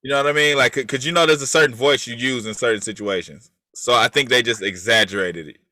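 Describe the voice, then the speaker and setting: A man's voice: medium pitch, fast talker, no room sound. A man co-hosting a casual talk show about a TV series, acting out characters' lines and swearing freely. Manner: animated, acts out characters' lines. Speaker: podcast co-host. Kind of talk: casual chat about a TV episode.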